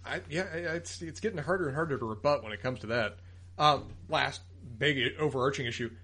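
A man's voice: medium pitch, fast, pushed and bright, slightly rough. A man co-hosting a podcast, working methodically through his complaints about an episode point by point. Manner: methodical, lists points, critical. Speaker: podcast co-host. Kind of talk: casual review chat, critique.

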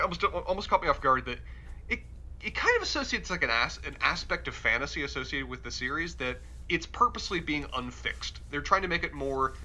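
A man's voice: mid-range voice, sharp tone. A man from the American South with a mild Southern accent, co-hosting a casual podcast and thinking aloud with frequent restarts. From Charlotte, North Carolina. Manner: thoughtful, stammering restarts. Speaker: podcast co-host. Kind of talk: casual recap chat.

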